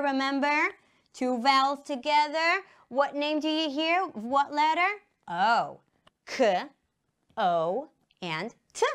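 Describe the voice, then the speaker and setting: Recorded in a studio, an English teacher with an Israeli accent speaks in a high, smooth, slightly bright voice. She leads young children through a slow, emphatic lesson, carefully pronouncing words so they can repeat them.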